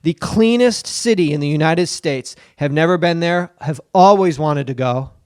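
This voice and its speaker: A man's voice: on the high side, normal speed, clear, resonant tone, dry recording, clean studio sound. A man co-hosting a comedy podcast, riffing loosely with lots of swearing and slipping into goofy put-on voices. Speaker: podcast co-host. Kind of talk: casual comedic banter.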